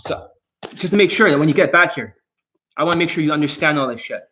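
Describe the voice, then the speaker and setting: Man, slightly high voice, aggressive, profane, livestream coaching talk. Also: fast, pushed and bright, a little hiss or hum. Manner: blunt, aggressive, swearing, addresses viewers directly. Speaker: dating coach.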